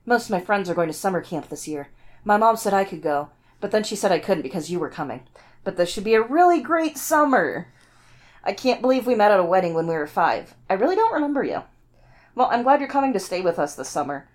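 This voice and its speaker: A woman's voice: medium pitch, sing-song, fast talker, close to an everyday voice. A woman voicing an earnest preteen girl reading a friendly letter to her cousin. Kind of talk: comic book reading.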